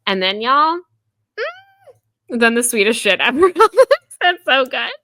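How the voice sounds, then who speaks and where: A woman's voice: fairly high pitch, expressive, a little slow, sharp tone, no echo. A woman, co-hosting a podcast and retelling a novel's scenes in a chatty, filler-heavy way, laughing often. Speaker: podcast co-host. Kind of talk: casual book-review chat.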